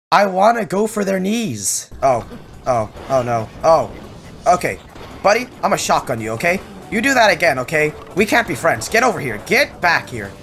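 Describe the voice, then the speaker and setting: Young man, gameplay commentary, jokey, excitable, slightly high voice, faint music behind. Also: moderate pace. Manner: excitable, jokey, yelps at surprises. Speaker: gaming channel host.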